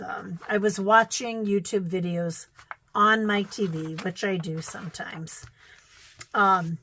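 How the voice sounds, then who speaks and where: A woman's voice: fairly low pitch, a bit bright, slight background noise, poor audio. A middle-aged woman with a Midwestern American accent, chatting casually as she shows old quilting magazines, thinking aloud with fillers and little exclamations. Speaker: vlogger.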